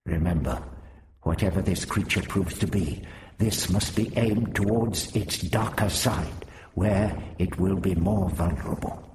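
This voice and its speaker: A man's voice: deep voice, unhurried, background noise. A man doing a stern alien warrior. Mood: instructing. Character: stern male insect-like alien warrior, commanding.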